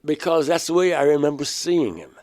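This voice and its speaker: This time the older Georgia man's voice runs on the high side, animated and fairly quick. As an interview guest, he earnestly recounts his experiences and dramatizes remembered dialogue with sudden loud outbursts.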